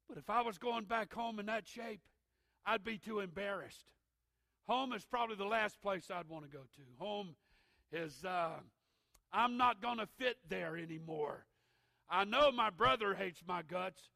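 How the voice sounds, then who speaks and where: A middle-aged man preaching a sermon, swinging from shouted preaching to hushed intensity, with a gravelly voice. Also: high-pitched, no echo. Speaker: pastor.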